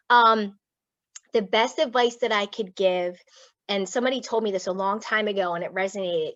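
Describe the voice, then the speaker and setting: A woman's voice: mid-range voice, no room sound. A woman from Philadelphia, a clinical psychologist speaking as a guest, telling personal stories bluntly and swearing freely over a video call. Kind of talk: candid personal storytelling to an audience. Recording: dull, dry lo-fi sound.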